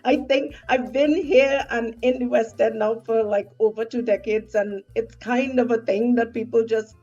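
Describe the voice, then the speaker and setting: A woman in her forties with a Trinidadian accent, a stage actor chatting casually, often laughing and pausing mid-thought. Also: on the high side, steady tone, dull audio. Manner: warm, laughs often, halting. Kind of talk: casual conversation.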